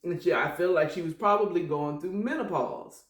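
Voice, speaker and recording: A woman's voice: on the low side, moderate pace, roomy sound. A woman hosting a casual solo morning chat podcast, rambling and chatty with prayerful asides. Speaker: podcast host.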